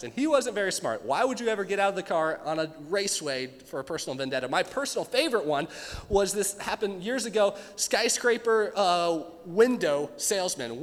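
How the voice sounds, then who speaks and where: A young male pastor delivers a sermon in a relaxed, storytelling manner, slipping into quick voiced impressions of the people in his anecdotes. His voice sits high for a man. The sound carries a long reverb from a large hall. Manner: casual storytelling with playful voiced asides.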